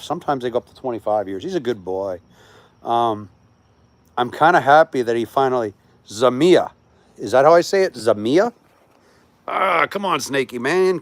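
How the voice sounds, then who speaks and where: A man's voice: mid-range voice, dry recording. A middle-aged man from the United States hosting a casual livestream, chatting and answering viewer comments as they come in. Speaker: livestream host.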